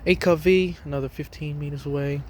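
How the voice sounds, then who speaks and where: A young Australian man films himself on an open station platform, rambling between fillers and restarts. His voice sits a little high for a man. Faint outdoor noise is under his phone recording. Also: fairly even intonation, fairly quick. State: talking with a lozenge in his mouth. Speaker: trainspotting vlogger. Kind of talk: casual walking commentary.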